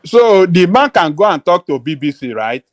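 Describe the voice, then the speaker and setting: A Nigerian man arguing in a heated online political discussion, insistent and halting, slipping into Pidgin. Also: sits high, very animated, dry recording. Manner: insistent, hesitant, mixes in Pidgin. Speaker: panelist.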